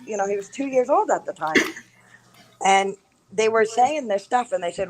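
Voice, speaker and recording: A woman's voice: medium pitch, normal speed, a little hiss or hum, low-quality recording. Woman guest ranting through a spooky story, lots of swearing, acting out the quotes. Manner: animated, profane, acts out quoted lines. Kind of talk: casual storytelling.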